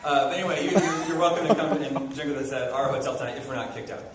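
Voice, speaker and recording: A man co-hosting a live podcast, chatty and quick as he introduces guests, recorded from afar in a convention hall. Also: mid-range voice, recorded from a distance. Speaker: podcast co-host. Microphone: far camcorder. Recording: echoey hall taped from afar, loud noise.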